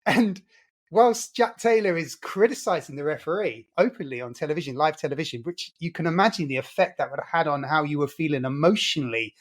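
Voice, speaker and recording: Speaking a little fast in a slightly high voice, this co-host of a laid-back football podcast eagerly shares stories.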